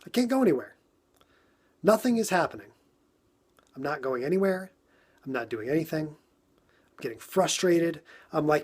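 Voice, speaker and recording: Husky man telling a story on a livestream. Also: on the high side, normal speed, long pauses. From New York. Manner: animated, repetitive storytelling that acts out his own frustration. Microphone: phone livestream.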